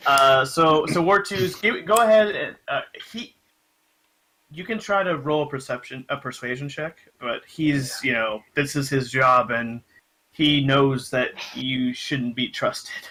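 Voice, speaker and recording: A man's voice: mid-range voice, unhurried, pushed and bright. A young man running a tabletop game as game master, casual and joking with many fillers.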